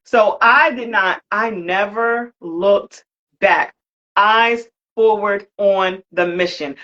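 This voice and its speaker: A woman's voice: mid-range voice, slow pace, bright, forceful tone, highs cut off. A woman telling a comic story with lots of energy, swearing now and then and acting out the voices she quotes. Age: older. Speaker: guest, creator of a brand for Black women.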